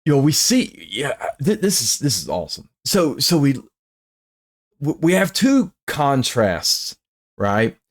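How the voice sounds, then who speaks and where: A man's voice: mid-range voice, huge pitch swings, unhurried. A male pastor teaching a bible study in an earnest way, often repeating and restarting his words.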